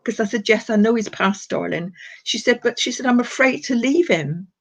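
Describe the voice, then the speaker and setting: An older woman, a psychic medium on a live stream, speaks at a normal speed in a higher-pitched voice, affectionately calling people darling and sweetheart. She's giving readings and chatting, and the stream audio is dull and lo-fi.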